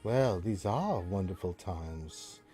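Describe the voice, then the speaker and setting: A silver-haired elven priestess speaks in a hushed, drawn-out voice, knowing and faintly teasing, as a male game master puts her on. The tone is dark and mellow, with faint music underneath. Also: low voice, expressive, pitched below the performer's own voice. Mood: sly, hushed. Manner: slow, hushed, sly and drawn out.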